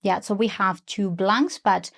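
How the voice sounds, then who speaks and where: Woman co-hosting a language lesson, friendly, loads of fry in her voice. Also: mid-range voice, measured pace, fairly bright tone. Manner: friendly, agreeable. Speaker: co-presenter. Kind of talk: pronunciation lesson chat.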